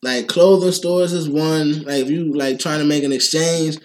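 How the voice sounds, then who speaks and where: High-voiced man telling slangy stories. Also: moderate pace. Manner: animated, profane slang, laughs through his stories. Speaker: podcast co-host, phone store worker. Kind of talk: casual chat, storytelling.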